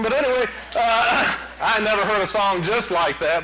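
A man preaching a sermon, telling folksy stories in an animated way. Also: high voice, moderate pace, few pauses, rough recording. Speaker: pastor.

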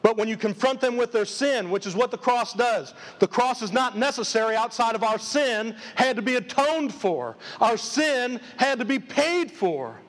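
A man's voice: very high-pitched, lively intonation, normal speed, hardly any pauses. A man preaching a live sermon as pastor, emphatic and full of repeated rhetorical questions. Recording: long reverb of a large hall.

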